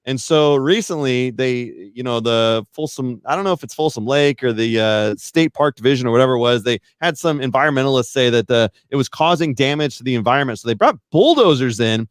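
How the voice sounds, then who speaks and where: A man's voice: medium pitch, animated, brisk, few pauses, clear, resonant tone, no echo, studio quality. A man, a podcast guest, chatting casually in a rambling, self-deprecating way that hedges a lot. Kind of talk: casual chat.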